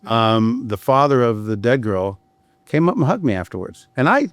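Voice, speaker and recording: A middle-aged criminal defense attorney tells blunt, profane stories in a candid podcast conversation, often restarting as he goes. His mid-range voice is very animated, at normal speed with no echo.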